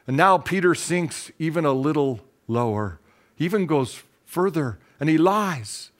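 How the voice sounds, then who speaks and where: A male pastor delivers a sermon as an earnest, dramatic retelling of a Bible story. His voice sits a little above the usual male range. He leans on pauses and sometimes repeats a word as he builds the scene. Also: a little high, animated, fairly bright tone.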